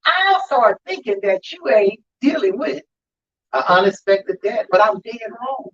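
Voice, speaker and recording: High, animated undertaker preaching on grief. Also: male voice, unhurried, breathy edge, highs cut off. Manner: emphatic, calls out to the audience with "y'all". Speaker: undertaker and show host. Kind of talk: preaching-style talk on grief.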